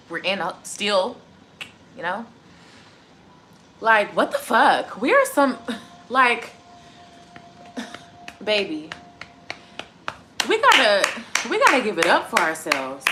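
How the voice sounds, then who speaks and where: A woman's voice: a little high, sharp tone, a little hiss or hum. A woman in her twenties, a tarot reader chatting live to her viewers in a casual, profane, heated rant. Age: 20s. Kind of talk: casual livestream chat.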